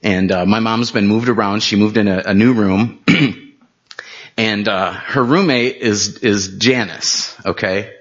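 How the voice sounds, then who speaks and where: A man's voice: on the low side, measured pace, dull audio. A middle-aged man preaching, telling family anecdotes in a casual, conversational way with plenty of fillers. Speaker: pastor. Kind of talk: storytelling sermon.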